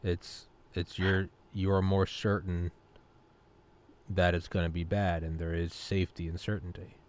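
A man's voice: low voice, measured pace. A young adult man hosting a podcast, chatting casually and animatedly, swearing freely and acting out bits of dialogue. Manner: animated, swears freely, acts out silly voices in quotes. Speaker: podcast host.

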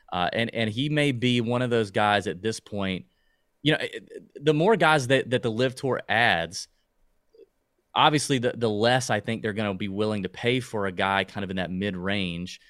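A man's voice: lowish voice, a bit bright, smooth, dry recording, clean studio sound. A man co-hosting a casual sports talk podcast, rambling and hesitant, with frequent restarts. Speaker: podcast co-host.

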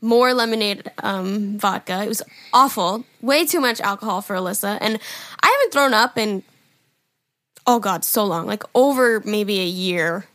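A woman's voice: normal speed, dry recording. A woman in her twenties co-hosting a podcast, chatting casually and animatedly acting out her own stories. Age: 20s. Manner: animated storyteller, acts out her drunk self in a loud high voice. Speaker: podcast co-host. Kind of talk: casual chat.

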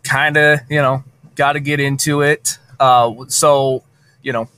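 A man hosting a podcast, asking halting questions with many fillers. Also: medium pitch, level tone, pushed and bright, clean tone, no echo. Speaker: podcast host. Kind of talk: interview questions.

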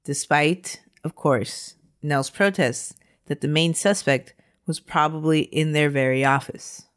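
A woman's voice: sits low, measured pace. A woman podcast host recounting a true crime case in a conversational way, laughing now and then.

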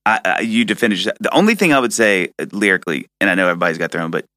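A man co-hosting a music podcast, animated and emphatic, often trailing off mid-thought. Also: on the low side, rapid-fire, dry recording, clean studio sound. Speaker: podcast co-host. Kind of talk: casual music chat.

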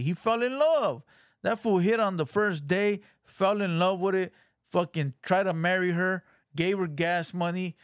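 A man's voice: fairly high pitch, dry recording, clean studio sound. Blunt, swearing man commentating. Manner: blunt, profane, scolding. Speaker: reaction show host. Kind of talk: casual commentary.

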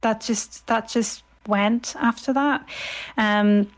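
An Irish scholar in her thirties appears as a podcast guest, speaking in a toned-down posh telephone voice. Her voice is on the high side, steady, and slow as she converses.

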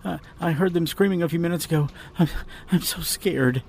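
A terrified young woman trapped in a haunted mansion, as a male narrator puts her on. Her voice is pitched high and trembles, with breathless, pleading questions and wide swings in tone. It is read as an audiobook scene. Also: expressive, takes it slowly, a little mellow, slight background noise. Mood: frightened. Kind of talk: audiobook character reading.

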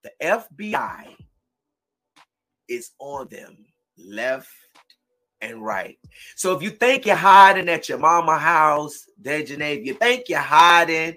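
Fiery high-voiced male podcast host. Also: lively intonation, slow pace, pauses often, faint music behind, low-quality recording. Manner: fiery, preachy, shouts in bursts. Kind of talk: impassioned true-crime commentary.

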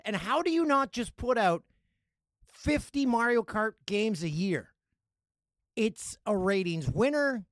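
A man hosting his own podcast, chatting casually and riffing on news stories and listener emails with a joking, animated manner. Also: high voice, a little slow, no echo, studio quality. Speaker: podcast host. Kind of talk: casual solo podcast chat.

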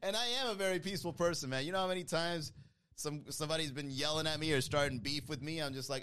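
A man's voice: fairly high pitch, steady tone, quick pace, sharp tone, smooth. A man hosting a casual stream, reading chat comments aloud and riffing on them with a lot of laughter. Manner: laughs often, loose joking banter. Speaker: host reading live chat.

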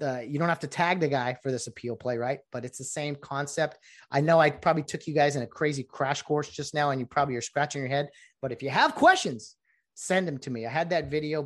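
Chatty man hosting a podcast. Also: medium pitch. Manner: chatty, rambling explanations with fillers. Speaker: podcast host. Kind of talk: casual solo podcast talk.

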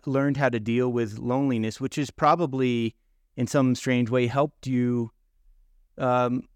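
Smooth-voiced male interviewer. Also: mid-range voice, no room sound. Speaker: podcast host. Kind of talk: interview questions.

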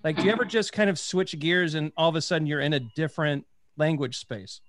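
A man hosts a casual interview in a fairly high voice, enthusiastic and rambling as he restarts his thoughts. The sound is dry and close, with no room echo. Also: brisk, a bit bright. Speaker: podcast host.

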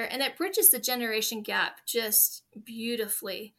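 A woman in her forties speaks as an interview guest, sharing stories in an earnest, heartfelt way. Her voice sits a little high with a very bright, clear tone. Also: measured pace, hardly any pauses. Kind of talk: conversational interview.

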